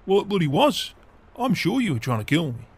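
A beer-loving farmer, voiced by a man, talks in gruff, chuckling game roleplay banter. He swears freely, and his voice sits a little high for a man. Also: sing-song, fairly quick, full character voice. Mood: jovial. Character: jovial beer-loving older male farmer.

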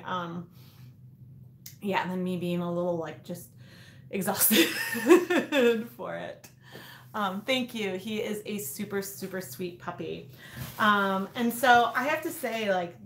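A woman's voice: fairly high pitch, a bit bright, slight background noise. A woman in her thirties hosting a casual craft livestream, rambling with lots of fillers and restarts. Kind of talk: casual live chat. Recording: echoey room.

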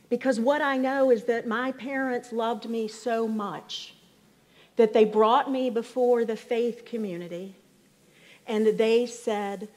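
Slow, earnest woman giving testimony. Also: on the high side, darkish tone. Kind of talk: personal testimony in a service.

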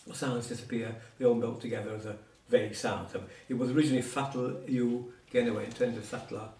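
A man's voice: medium pitch, steady tone, racing, warm tone, slight background noise. A man teaching Cornish words in a one-on-one lesson, explaining patiently with asides and examples. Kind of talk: informal one-on-one language lesson. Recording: roomy sound from a distance.

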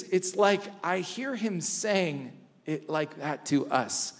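High-voiced preacher in a reverberant church. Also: male voice, animated. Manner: preaching with emphatic repetition and dramatic pauses. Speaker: pastor. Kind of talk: sermon. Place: large church hall.

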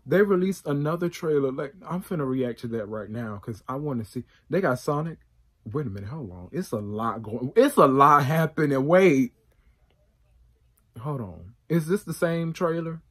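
A man hosting a reaction video, talking in a casual, excitable and emotional way with plenty of slang. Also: on the high side, moderate pace, breathy edge.

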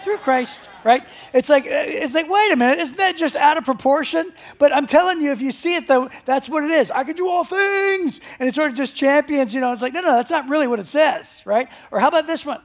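Guy preaching in a chatty jokey way, really high voice, gravelly edge. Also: quick pace, few pauses. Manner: conversational, joking storyteller. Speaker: pastor. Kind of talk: sermon.

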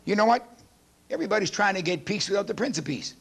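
Older man, seventies, high voice, emphatic sermon, clears throat often. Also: animated, fast talker. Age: 70s. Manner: emphatic, forceful preaching with frequent throat clearing. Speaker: pastor.

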